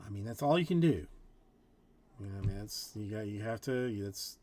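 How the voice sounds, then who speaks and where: A man hosting a live stream tells a rambling story in casual chat, acting out both sides of a conversation with many restarts and quoted back-and-forth. His fairly low voice is animated and dark-toned, at normal speed.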